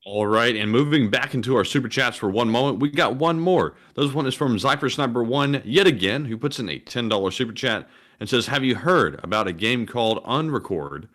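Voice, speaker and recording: A man co-hosting a livestream, reading out viewer messages in a plain, steady way. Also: medium pitch, a little fast. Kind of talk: livestream casual chat.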